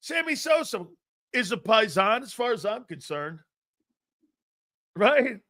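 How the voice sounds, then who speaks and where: A middle-aged man hosting a sports talk show, telling stories in a chatty, rambling way, laughing at himself and jumping between low mutters and loud exclamations. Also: lively intonation, slow. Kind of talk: casual storytelling talk.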